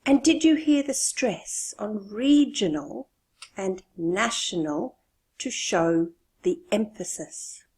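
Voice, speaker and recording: A woman teaching an English lesson, explaining slowly and stressing key words. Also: mid-range voice, animated, darkish tone.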